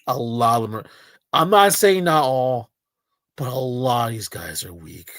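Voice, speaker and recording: A man's voice: mid-range voice, expressive, a little slow, a bit bright, no room sound. A man streaming live, reacting to a video with crude, rambling commentary full of fillers. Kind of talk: casual livestream commentary.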